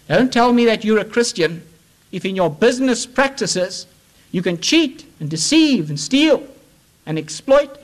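A man delivering an evangelistic sermon. His voice sits a little higher than most men's. He presses his points with rising, impassioned emphasis and then drops low and quiet. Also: low-quality recording. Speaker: preacher.

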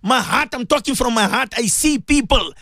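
A man's voice: extremely high pitch, expressive, normal speed, bright, forceful tone, no room sound. A man presenting a religious radio talk show, speaking passionately and repeating himself as he addresses his listeners directly.

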